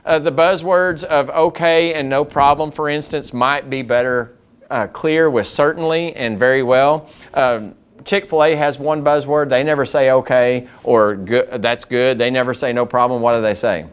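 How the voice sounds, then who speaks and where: A man's voice: medium pitch, normal speed, smooth. A man giving a customer service training talk to school district staff, telling stories and acting out the dialogue in them. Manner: lively storyteller who acts out dialogue.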